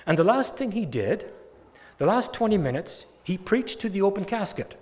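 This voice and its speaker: A man with a high voice preaches a sermon at a normal speed, telling a story that climbs toward loud, emphatic peaks. His delivery is animated, and a long hall reverb surrounds him.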